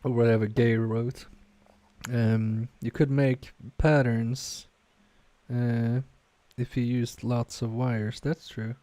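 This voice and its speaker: Man, slow easy talk, mellow dark tone, casual live-stream chat, reads chat aloud, self-mocking, home workbench. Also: mid-range voice, flat delivery, no echo. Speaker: live-stream repair technician.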